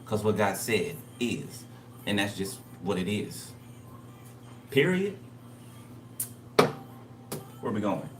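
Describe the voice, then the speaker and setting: A man's voice: on the low side, big pitch swings, takes it slowly, long pauses, reverberant, recorded from a distance, background noise. A man giving a casual spiritual reading. He talks bluntly and emphatically, repeats himself, and swears freely. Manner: blunt, repetitive, profane. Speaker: tarot reader.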